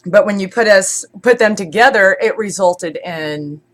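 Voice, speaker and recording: A woman's voice: medium pitch, unhurried. A congested woman streamer chatting casually, rambling with many fillers and restarts. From born in Scotland, raised in Germany. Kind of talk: casual chat.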